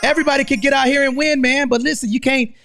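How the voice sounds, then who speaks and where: A high-voiced American man hosting a live online room with nonstop hype. He pushes every line loud and fast and tags "man" onto almost all of them. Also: steady tone, over music. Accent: American English. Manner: hyped, loud, keeps saying "man". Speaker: host.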